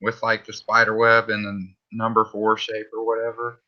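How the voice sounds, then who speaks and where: A man's voice: lowish voice, monotone, normal speed, pushed and bright, highs cut off. A man with a Southern US accent chatting casually on a livestream, laid-back and swearing freely.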